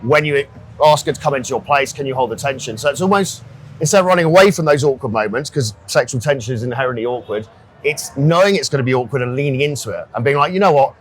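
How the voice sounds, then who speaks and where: A man's voice: mid-range voice, quick pace, slight background noise. A man hosting a casual dating chat, blunt and swearing, often checking in with "right?". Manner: blunt, swears freely, asks "right?" a lot. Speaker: dating coach, host.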